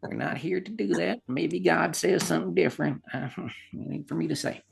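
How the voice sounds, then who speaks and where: A man's voice: a little high, a little fast, creaky, soft background music, pitched above the performer's own voice. A man putting on the voice of a folksy rural man, drawling and easygoing.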